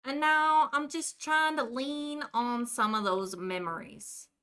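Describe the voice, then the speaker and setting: Slow-talking woman in a put-on Jersey accent. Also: high-pitched, fairly bright tone, smooth. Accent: put-on New Jersey. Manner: playful, teasing game characters in a put-on voice. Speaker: streamer. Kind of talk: casual live-stream chat while gaming. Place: indoor room at home.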